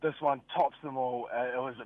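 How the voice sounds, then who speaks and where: A man with a New Zealand accent calling into a radio show, talking in an excited way. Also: medium pitch, a little fast, no room sound. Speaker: radio caller. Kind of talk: casual phone call. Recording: tinny phone line.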